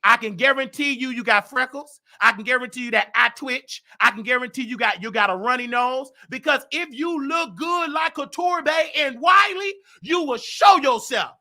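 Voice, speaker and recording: Loud gossip host guy, high bright voice, aave, fast trash talk, keeps yelling. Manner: brash, rapid, trash-talking, shouts often.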